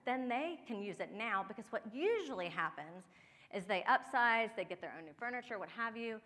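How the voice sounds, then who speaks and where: A woman in her forties from Ohio, USA, an expert in downsizing and home organizing, gives a chatty workshop talk full of personal stories, laughing often and addressing her audience directly. Her voice sits on the high side, fairly bright, with lively intonation and a brisk pace, heard in a large hall.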